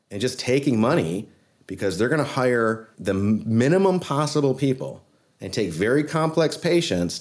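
A man, a trial lawyer guest on a podcast, telling a case story in an earnest, animated way. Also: mid-range voice.

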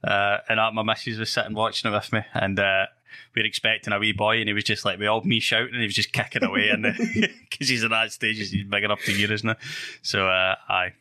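Bright-voiced Scottish podcast host. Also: male voice, lowish voice, fairly even intonation, brisk, no echo, clean studio sound. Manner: laughs often, says mate a lot. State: slightly hoarse. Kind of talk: casual chat.

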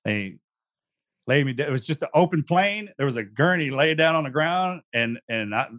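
A man recounts his story with a joking, self-mocking ease. His voice runs a little higher than most men's. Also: animated, normal speed, fairly bright tone. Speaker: guest, Navy SEAL veteran. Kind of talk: casual storytelling.

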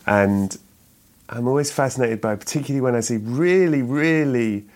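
A man's voice: medium pitch, normal speed, darkish tone. A middle-aged man, a guest in an interview, talking in a rambling way with restarts and chuckles. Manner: rambling, self-correcting, chuckles often. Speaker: actor and writer guest. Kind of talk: relaxed interview chat.

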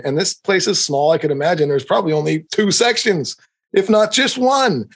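Male podcast host, middle-aged, slightly high voice, animated, swearing, heated rant. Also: measured pace, husky. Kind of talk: comedic rant.

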